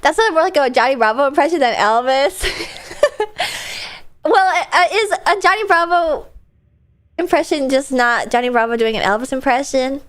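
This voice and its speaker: A woman's voice: high voice, expressive, moderate pace, fairly bright tone. A young woman streaming a video game, chatting casually in a bubbly, giggly way. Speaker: VTuber streamer. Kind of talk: casual gameplay commentary.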